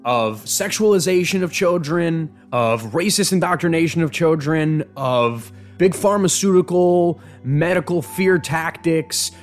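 A man's voice: on the high side, measured pace, hardly any pauses, soft background music. A man hosting an opinion commentary on video clips, indignant and emphatic, often stumbling and repeating words. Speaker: show host.

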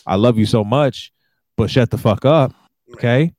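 A man co-hosting a podcast in casual chat, ranting with animated, profane emphasis. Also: medium pitch, normal speed, dry recording. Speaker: podcast co-host.

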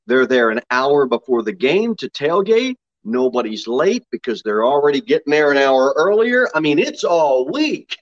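Male pastor, lively pitch swings, folksy sermon delivery, muffled lo-fi recording. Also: normal speed, hardly any pauses. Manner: folksy, laughing asides between scripture readings.

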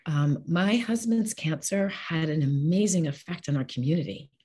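A woman's voice: sits low, animated, normal speed, mellow, husky. A middle-aged woman speaking as an interview guest, talking candidly and emotionally about caring for her husband, often rambling and restarting. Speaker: guest, caregiver widow.

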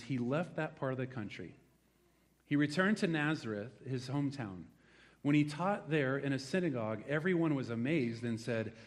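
A middle-aged man preaching a sermon in a conversational, animated way, acting out the voices in his stories. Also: mid-range voice. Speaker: pastor.

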